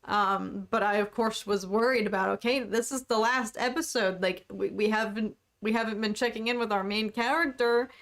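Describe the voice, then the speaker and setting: A woman's voice: mid-range voice, steady tone, normal speed, hardly any pauses, fairly bright tone. A young woman hosting a casual livestream podcast, chatting and reading out viewer comments. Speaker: podcast host.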